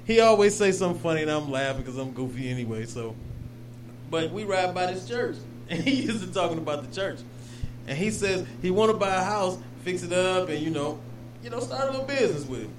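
High-voiced man, laughing storyteller. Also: animated, a little fast, background noise. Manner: laughs often, rambling. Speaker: podcast co-host. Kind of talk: casual storytelling chat.

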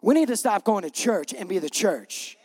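A man's voice: sits high, very animated, moderate pace, a little mellow, breathy edge. A middle-aged male pastor giving a conversational, emphatic sermon with repeated punch lines. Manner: gets choked up, laughing through emotion.

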